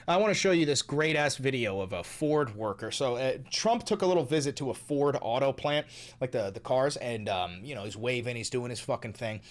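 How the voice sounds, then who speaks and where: A man's voice: medium pitch, lively intonation, a little fast. A young man hosting a commentary vlog, ranting in a heated, mocking and profane way. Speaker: host.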